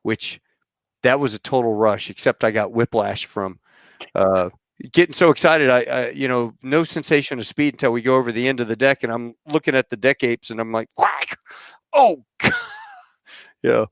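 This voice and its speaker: A middle-aged man hosting a podcast, telling rambling, animated stories about flying and acting out what others said. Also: medium pitch, fairly quick, no echo. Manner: rambling, animated storyteller who acts out quotes. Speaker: podcast host. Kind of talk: casual storytelling chat.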